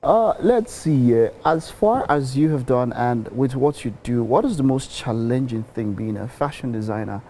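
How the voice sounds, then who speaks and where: A man hosting a TV interview, speaking haltingly with many restarts and sounding enthusiastic. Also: medium pitch, animated, warm tone. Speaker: TV host.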